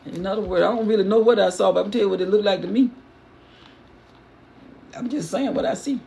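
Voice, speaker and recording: A woman's voice: mid-range voice, fairly even intonation, a little fast, vocal fry, warm tone. A woman retelling a Bible passage with colloquial, playful asides between the verses. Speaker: Bible teacher.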